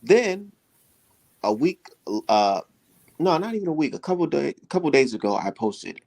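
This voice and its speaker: A man's voice: on the high side, big pitch swings, moderate pace, gravelly, a little mellow. A man co-hosting a casual boxing chat, talking bluntly with plenty of swearing and repeated phrases. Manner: blunt, profane, repeats himself. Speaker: boxing podcast co-host.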